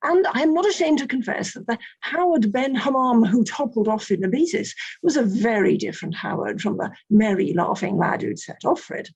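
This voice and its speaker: Woman reading aloud, high voice that swoops a lot, gravelly and a bit husky, playful and amused. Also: expressive, fairly quick, few pauses, a little mellow. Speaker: seminar participant reading aloud. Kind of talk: reading a comic passage aloud.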